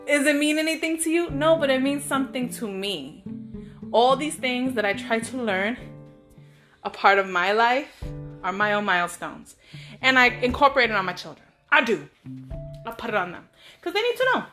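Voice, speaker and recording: A woman hosting her own show, telling personal stories in a chatty, animated way with playful asides to her listeners. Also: fairly high pitch, normal speed, soft background music. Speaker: podcast host. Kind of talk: casual storytelling monologue.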